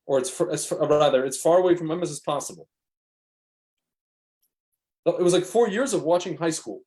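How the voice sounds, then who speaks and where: A man's voice: a little high, normal speed, dark tone. A man co-hosting a podcast, rambling through stories in casual chat and acting out the quotes. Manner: rambling storyteller, acts out quotes. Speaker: podcast co-host.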